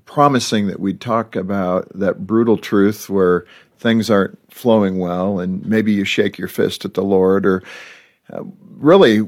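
Low-voiced man hosting a faith interview. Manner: warm, probing questions with fillers. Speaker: talk show host. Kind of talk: interview conversation.

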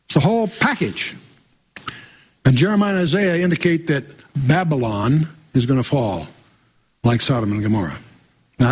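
A man's voice: medium pitch, husky. A man teaching verse by verse through the Bible, reading scripture aloud and breaking in with wry asides and quizzing questions to his listeners.

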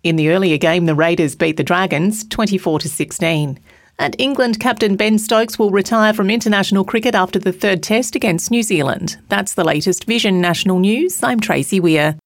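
A woman presenting a scripted radio news bulletin with a crisp, steady read. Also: mid-range voice, normal speed, no room sound.

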